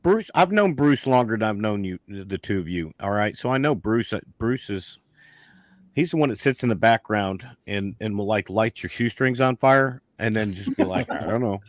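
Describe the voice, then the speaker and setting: Guest beekeeper, low dry voice, folksy and rambling, lots of restarts. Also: male voice, expressive, normal speed, dry recording. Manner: rambling storyteller with many restarts. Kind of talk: casual chat on a video call.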